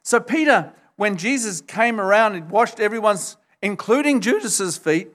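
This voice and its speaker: A pastor with a high, animated, slightly bright voice preaches at normal speed, earnestly explaining scripture to his congregation. He's emphatic, retelling passages and acting out the quotes.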